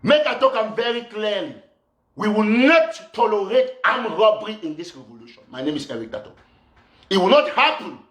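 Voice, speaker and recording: A man's voice: high-pitched, sing-song, fairly quick, roomy sound. A man with a Cameroonian Pidgin English accent, an activist host ranting fiercely at his live viewers and repeating lines for emphasis. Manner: fiery and accusatory, repeats phrases for emphasis. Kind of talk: impassioned political rant to live viewers.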